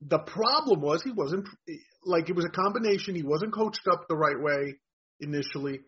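A man's voice: a little high, lively intonation, normal speed, husky. A man talking fantasy football analysis in a frank, emphatic way. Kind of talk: casual sports talk. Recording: dull lo-fi audio.

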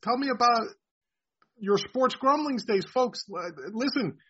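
High-voiced New York host, effusive. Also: male voice, expressive, a bit bright, slightly rough. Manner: rambling, effusive, halting restarts. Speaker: podcast host, site founder. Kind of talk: casual sports chat. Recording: dull lo-fi sound.

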